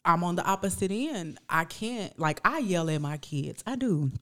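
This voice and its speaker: A woman in her thirties co-hosts a podcast, chatting casually and telling stories with animation, acting out the quotes. Her voice is lowish and her pace normal.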